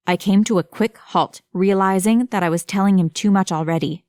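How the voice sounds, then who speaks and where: A woman narrating a first-person animated story in a dramatic, expressive storytelling manner. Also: medium pitch, fairly quick.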